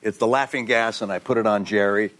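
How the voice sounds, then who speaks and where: A middle-aged man, a guest actor on a TV talk show, telling anecdotes in a lively way, acting out voices and laughing often. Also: fairly low pitch, fairly quick.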